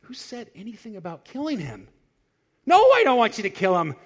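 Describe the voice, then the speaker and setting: A man's voice: sits high, wildly swooping pitch, a little fast, voice pushed up, exaggerated voice. A pastor acting out a desperate man who begs an angel to stop, in a pleading, panicky voice. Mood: panicked.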